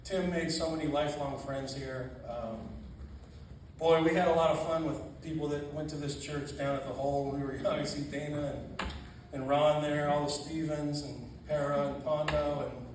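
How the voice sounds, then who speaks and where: A man tells animated stories at a memorial reception. He laughs often and acts out quotes in a slightly raised voice. He is recorded from far off in a very echoey church hall, with noticeable noise around him. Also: on the high side, normal speed. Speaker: funeral reception speaker. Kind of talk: storytelling at a memorial gathering. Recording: very echoey, distant, noisy room.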